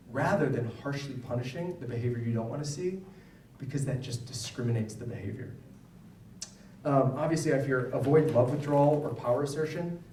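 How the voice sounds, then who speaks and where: A man lecturing parents in a large, echoey hall, recorded from some distance away. His voice is mellow and mid-pitched. He talks conversationally and keeps checking in with the audience. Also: a little hiss or hum. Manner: conversational, frequent "right?" check-ins. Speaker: psychologist giving a talk to parents.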